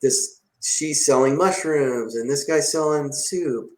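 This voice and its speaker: A man's voice: on the high side, takes it slowly. Guy chatting about his detail shop, acts out the convos, kinda echoey room. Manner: animated, acts out dialogue in story. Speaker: detailing shop owner, guest. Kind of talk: casual podcast storytelling. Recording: roomy echo.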